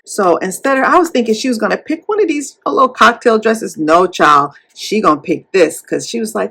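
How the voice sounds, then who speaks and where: A woman chatting casually while counting cash at home, animated and playful as she retells a story. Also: on the high side, normal speed, creaky. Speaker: cash-stuffing YouTuber.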